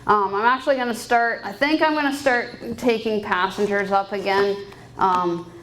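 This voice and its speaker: A woman's voice: medium pitch, normal speed, fairly bright tone, slight background noise, low-quality recording. A woman in her thirties, a private pilot, giving a candid, upbeat personal talk at a fundraising banquet and laughing often. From Canada. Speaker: guest speaker and private pilot. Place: banquet hall.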